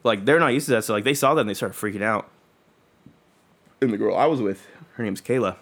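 A young man with a somewhat low voice tells a rambling story in casual chat. His talk is slangy and heavy on swearing. He keeps slipping into the voices of the people he quotes. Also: fast, fairly bright tone. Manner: profane, slangy, acts out quoted dialogue.

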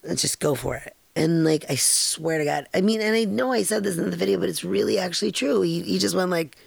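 A woman's voice: lowish voice, fast talker, gravelly, slightly rough, dry recording. A middle-aged woman hosting a podcast, rambling through a personal story in a frank, casual way, with laughter and casual swearing. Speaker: podcast host.

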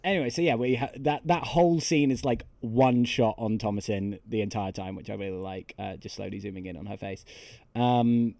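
A man co-hosting a podcast, recapping a film in casual chat with deadpan jokes. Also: on the low side, brisk, vocal fry, dry recording. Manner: joking, deadpan storytelling with swearing. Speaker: podcast co-host.

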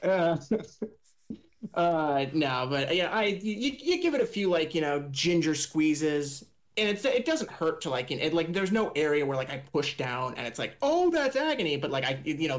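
A man's voice: fairly high pitch, normal speed, creaky. A young man co-hosting a podcast, talking casually in hesitant, rambling sentences with plenty of swearing. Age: young adult. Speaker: podcast co-host. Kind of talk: casual chat.

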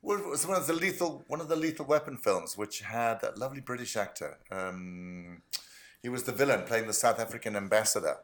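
A male voice actor as a podcast guest, chatting casually and telling stories with animated delivery. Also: mid-range voice, a little fast. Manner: animated storyteller, acting out quotes.

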